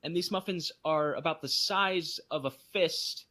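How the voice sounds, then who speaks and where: A man co-hosting a podcast, telling a story in casual chat and jumping into high voices for emphasis. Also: measured pace. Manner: animated storytelling, voices others in bursts of high pitch. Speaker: podcast co-host.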